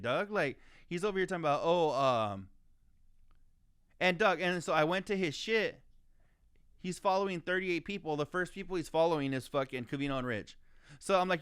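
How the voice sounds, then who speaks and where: A man's voice: a little high, lively intonation, a little fast, fairly bright tone, clear, resonant tone, no echo, studio quality. Ranting, swearing man on a podcast. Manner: heated ranting, heavy swearing, stumbling restarts. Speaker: podcast co-host. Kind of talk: casual profane podcast chat.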